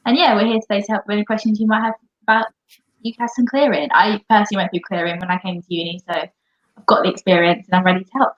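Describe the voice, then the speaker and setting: A woman's voice: medium pitch, steady tone, quick pace. A young woman who just graduated, introducing herself in an upbeat, eager way. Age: young adult. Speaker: recent graduate. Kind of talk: casual introduction. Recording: dull echoey remote audio.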